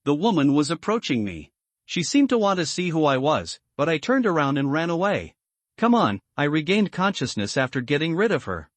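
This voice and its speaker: Guy doing a scared little fortune teller girl, shaky, pitch a bit up. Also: big pitch swings, normal speed, no echo. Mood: frightened. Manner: uneasy, trembling.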